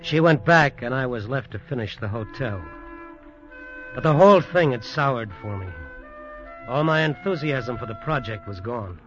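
An actor playing a blunt, suspicious hotel owner who also narrates, in a 1950s radio drama. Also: male voice, medium pitch, animated, normal speed, fairly bright tone, faint music behind, natural voice. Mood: narrating. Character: hot-tempered island hotel owner, jealous. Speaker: narrator of the story. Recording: dull lo-fi old radio broadcast.

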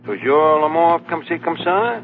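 Radio comedy lead: pompous scheming wiseguy, high lively voice, tinny hissy old broadcast. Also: male voice, moderate pace. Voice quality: brash, wisecracking, pompous. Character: fast-talking scheming male tavern manager. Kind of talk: 1940s radio comedy acting.

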